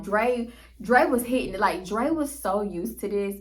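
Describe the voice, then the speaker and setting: A woman telling a story to her viewers in a casual, slangy way, animated and laughing often. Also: on the high side, a little slow.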